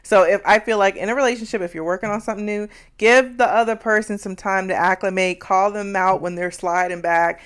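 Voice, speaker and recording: A woman co-hosting a casual show recap, giving measured relationship advice. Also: medium pitch, steady tone. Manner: measured, gives advice, laughs along. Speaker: co-host.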